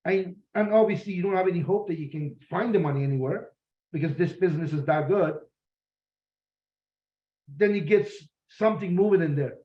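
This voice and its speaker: A man's voice: high voice, normal speed, roomy sound, lo-fi sound. A man speaking as a business recruiter and mentor in a motivational talk, blunt and direct, often repeating himself.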